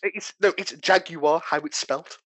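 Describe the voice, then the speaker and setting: A young British man in casual podcast banter, delivering dark jokes with deadpan mock outrage. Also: on the high side, a little fast, slightly rough, dry recording. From Britain.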